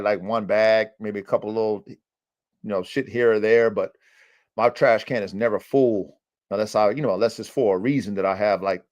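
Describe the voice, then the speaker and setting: A man hosting a livestream podcast, telling a story in casual, profane slang with lots of fillers and animated asides. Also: on the low side. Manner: profane, slangy and animated, with many fillers like "you know what I'm saying". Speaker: podcast host, dog breeder. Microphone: livestream mic.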